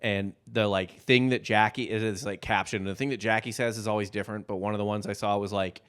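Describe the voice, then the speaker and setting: A man with a somewhat low, smooth, clean voice tells a history story in a relaxed podcast chat. He rambles a little and leans on fillers as he goes. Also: quick pace, hardly any pauses. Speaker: podcast co-host.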